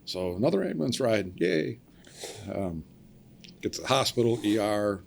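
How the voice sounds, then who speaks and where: A man with a fairly low voice tells his story in a relaxed, conversational way. He is middle-aged and animated, and he acts out each person's lines as he goes. He laughs at his own punchlines. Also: moderate pace, vocal fry, a little hiss or hum. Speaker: podcast guest, cable splicer. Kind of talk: casual storytelling.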